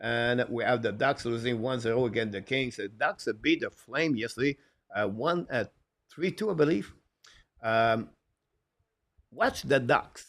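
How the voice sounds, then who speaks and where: A man's voice: mid-range voice, a bit bright. A man hosting a live hockey stream, reading viewer comments in broken English with constant "uh" fillers. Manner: halting, full of "uh" fillers; broken, non-native English phrasing. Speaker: live show host.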